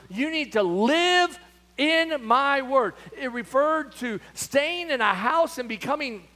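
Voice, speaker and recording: A man preaching a sermon in a very high voice that swoops up and down with great life. He drives home key words with slow, stretched emphasis, then drops to hushed, close asides to the congregation. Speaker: pastor.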